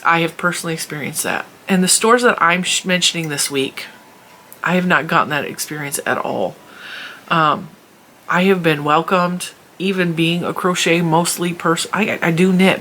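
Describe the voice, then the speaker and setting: A woman chatting casually as a crochet vlogger, animated, laughing often and acting out what people said. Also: fairly low pitch, a little hiss or hum. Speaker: crochet YouTuber. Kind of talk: casual chatty vlog storytelling. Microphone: camera in a room at home.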